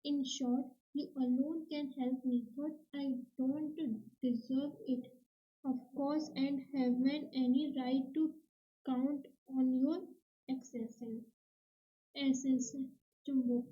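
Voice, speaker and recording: A woman reading a play aloud for a lesson, haltingly and word by word. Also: sits high, flat delivery. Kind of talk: slow read-aloud lesson. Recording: dull lo-fi recording.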